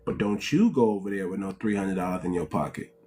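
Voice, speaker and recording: A man's voice: low-pitched, expressive, quick pace, a little mellow, slight background noise. Man preaching on a livestream. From United States. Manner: preachy, repeats "family", asks rhetorical questions. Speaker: livestream host. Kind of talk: casual livestream commentary.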